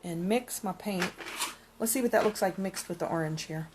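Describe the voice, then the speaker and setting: A woman's voice: on the low side, normal speed, noisy background. A woman narrating her painting in a casual craft vlog, thinking aloud and musing as she works. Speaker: craft vlogger.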